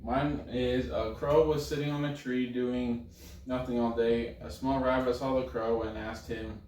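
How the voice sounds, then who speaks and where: A man's voice: medium pitch, flat delivery, measured pace, darkish tone. A young man co-hosting a podcast, telling short jokes in a laid-back way. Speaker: podcast co-host. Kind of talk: casual podcast chat. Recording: echoey room, mic far off, background noise.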